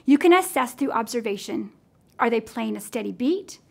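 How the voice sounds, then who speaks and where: A woman's voice: on the high side, animated, moderate pace, gravelly, darkish tone. A woman music teacher demonstrating simple rhythm lessons for classroom teachers, counting in and singing along patiently.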